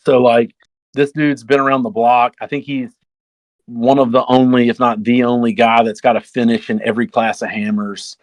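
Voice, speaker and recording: A man's voice: mid-range voice, flat delivery, moderate pace, no echo, low-quality recording. Rambling young man telling a racing story. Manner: rambling, heavy fillers, acts out others' lines. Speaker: podcast guest, off-road racer. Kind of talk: casual storytelling chat.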